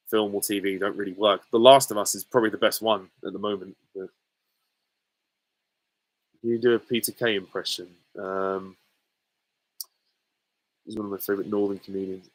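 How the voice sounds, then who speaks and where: On a rough recording, an English man with a lowish voice runs a casual Q and A. He responds to viewers' questions in a halting, rambling way, peppered with ums and little laughs.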